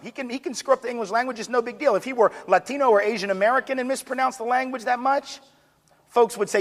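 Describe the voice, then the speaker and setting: A man giving an energetic public lecture with joking asides. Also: very high-pitched, quick pace. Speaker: speaker on diversity. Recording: long hall reverb.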